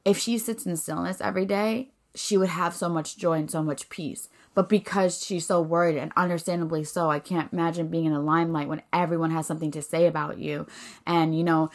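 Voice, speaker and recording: A woman hosting a podcast, reflecting in a casual, faith-based way with many fillers and restarts. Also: fairly low pitch. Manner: rambling, filler-heavy, earnest. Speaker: podcast host.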